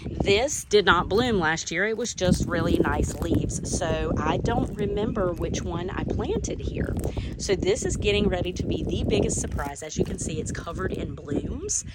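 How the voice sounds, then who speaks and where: A woman's voice: on the low side, expressive, a little slow, very noisy. Chatty Southern woman touring her garden. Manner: chatty and enthusiastic, gushing over plants. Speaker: garden vlogger. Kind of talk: casual garden tour narration. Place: outdoors in a home garden.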